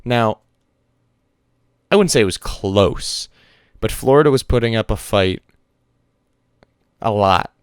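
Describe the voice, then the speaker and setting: A man co-hosting a casual esports podcast, chatting quickly through teams and players. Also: fairly low pitch, animated, clear, resonant tone, dry recording, studio quality. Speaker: podcast co-host.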